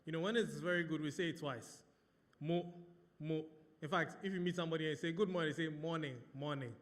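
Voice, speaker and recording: A man's voice: a little high, fairly even intonation, racing, fairly bright tone. A man with a Ghanaian accent hosting a live launch event as MC. He is playful and keeps asking the crowd questions. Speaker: master of ceremonies. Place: large hotel event hall. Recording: long reverb of a big hall.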